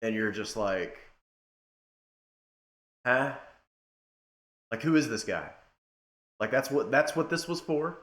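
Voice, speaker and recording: A young man giving a casual rant to camera, emphatic, swinging between loud outbursts and low muttering. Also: animated, normal speed, reverberant. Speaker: wrestling commentator.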